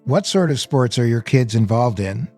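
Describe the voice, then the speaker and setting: A man's voice: medium pitch, animated, normal speed, dark tone, faint music behind. A man hosting a podcast, introducing the show and interviewing a guest in an upbeat way. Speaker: podcast host.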